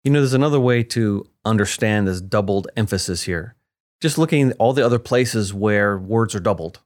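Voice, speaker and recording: A man co-hosting a Bible discussion, explaining word meanings with emphatic, animated delivery and playful asides. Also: fairly low pitch, normal speed. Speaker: co-host of a Bible teaching show.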